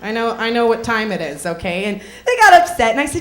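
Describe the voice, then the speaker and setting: High-voiced sardonic woman comedian. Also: very animated, fairly quick, echoey room. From Minnesota. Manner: sardonic, playful, laughs at her own jokes. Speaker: stand-up comedian. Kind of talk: stand-up comedy set. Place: comedy club stage.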